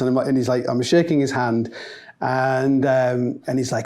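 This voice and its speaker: A Northern English man telling a rambling, funny anecdote with plenty of swearing and quick impressions of the people in it. His voice is mellow and relaxed in tone and sits at an ordinary middle pitch for a man. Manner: animated, swearing, mimics voices in quotes. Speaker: storyteller. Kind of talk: comic anecdote monologue.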